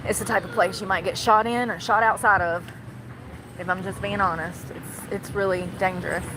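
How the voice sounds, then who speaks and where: A woman's voice: medium pitch, steady tone, moderate pace, noisy background. A woman live streaming on her phone while shopping in a large store, rambling to her chat and complaining about others.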